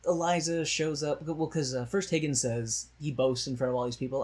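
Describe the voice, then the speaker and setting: A man with a fairly high, somewhat dark voice rambles casually about a movie he watched, speaking a little fast with fairly even intonation. He laughs often, has a sardonic edge, and slips into mocking voices when quoting.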